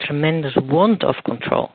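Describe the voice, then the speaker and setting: A man's voice: fairly high pitch, normal speed, breathy edge, no room sound. A man being interviewed as a guest expert, explaining at length while searching for words and restarting often. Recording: tinny phone line.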